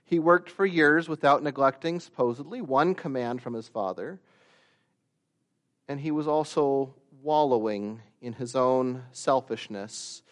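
A man preaching a sermon, slow and deliberate, rising to loud emphatic peaks and dropping to quiet asides. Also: mid-range voice. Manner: slow, deliberate delivery with long pauses.

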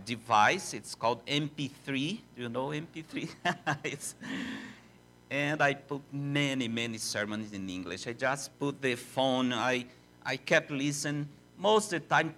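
An older man with a Portuguese accent, a native Portuguese speaker, preaching as a visiting missionary in halting, self-deprecating English. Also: medium pitch, sharp tone. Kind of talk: sermon in a church.

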